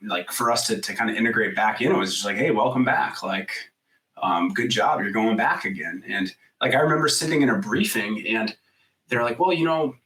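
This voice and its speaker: A man in his thirties, a guest on a podcast, tells a story in loose, casual talk. He says "like" constantly, swears freely, and gets loud when he acts out what people said. His voice sits a little back from the microphone. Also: fairly low pitch, distant mic, low-quality recording. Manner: animated storyteller, acts out quoted voices loudly; frequent "like" fillers, swears casually.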